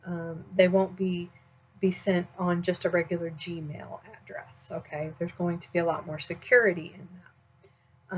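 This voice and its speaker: Woman, nursing instructor, lowish voice, relaxed lecture with frequent check-ins, muffled lo-fi recording. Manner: conversational, frequent "um" and "all right?" check-ins.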